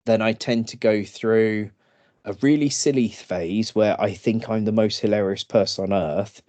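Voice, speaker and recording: A man co-hosting a casual podcast, telling stories slowly and laughing often. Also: on the low side, steady tone, darkish tone, dry recording. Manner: slow, laughing storytelling with acted drunk voices. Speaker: podcast co-host. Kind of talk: casual chat.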